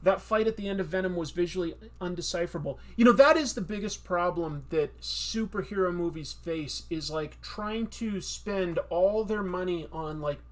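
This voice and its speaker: Man, casual, rambling, self-deprecating, stream host. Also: on the high side. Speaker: comic artist streamer.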